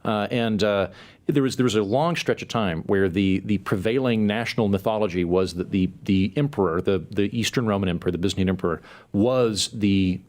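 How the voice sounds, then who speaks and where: A man hosting a podcast in casual chat, talking in quick bursts with stammering restarts and jokey asides. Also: on the low side, darkish tone. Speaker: podcast host.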